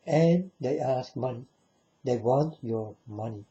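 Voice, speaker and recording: A man's voice: mid-range voice, slow, dark tone. A man preaching to the camera in a monologue, firing off repeated rhetorical questions at the viewer. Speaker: religious video preacher. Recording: dull lo-fi recording.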